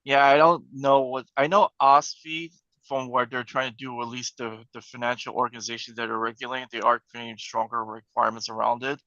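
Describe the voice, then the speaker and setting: A man speaking as a panel guest, briskly and emphatically, often tagging his points with "right?". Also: mid-range voice, fairly even intonation, pushed and bright, dry recording, dull audio. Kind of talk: conversational panel discussion.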